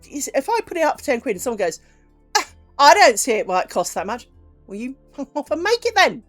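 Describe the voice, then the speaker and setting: Chatty, swearing crafter woman. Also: a little high. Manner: chatty and animated, swears freely, acts out little dialogues. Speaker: crafts streamer. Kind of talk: casual chat with live viewers while crafting.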